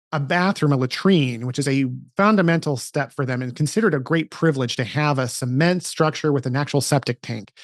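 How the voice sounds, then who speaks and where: A man's voice: fairly high pitch, no echo, studio quality. A man in his forties hosting a podcast, telling a story in casual conversation with lots of restarts and asides. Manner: animated storytelling with frequent restarts. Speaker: podcast host.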